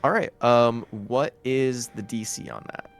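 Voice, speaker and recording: A man running a tabletop game as game master, narrating casually with halting fillers. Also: mid-range voice, faint music behind.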